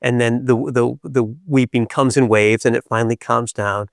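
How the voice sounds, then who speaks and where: Man, podcast host, reflective spiritual storytelling, animated and playful, hesitant fillers, middle pitch. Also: moderate pace, gravelly, dry recording, studio quality.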